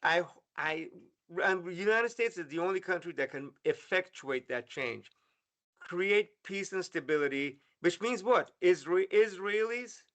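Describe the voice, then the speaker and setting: A man hosts a live talk show. He spins anecdotes earnestly, restarting his phrases often. His voice sits slightly higher than most men's. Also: lively intonation, measured pace, a bit bright. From Iran. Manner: earnest, storytelling, many restarts.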